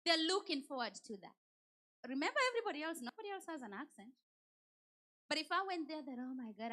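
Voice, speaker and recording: A woman giving a motivational talk at a church, telling personal stories in a direct and animated way. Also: mid-range voice. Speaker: women's day speaker.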